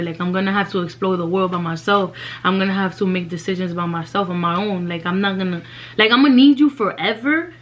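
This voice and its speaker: A woman's voice: medium pitch, a bit bright. A young woman, telling a personal story in a casual, slangy vlog and dropping in Spanish phrases.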